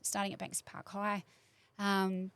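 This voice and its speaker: Woman, forties, New Zealand accent, chatty, rambling, lots of ums, mid-pitched. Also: completely flat delivery, a little slow, fairly bright tone, smooth. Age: 40s. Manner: chatty, rambling with many fillers. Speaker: guest. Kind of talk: casual chat.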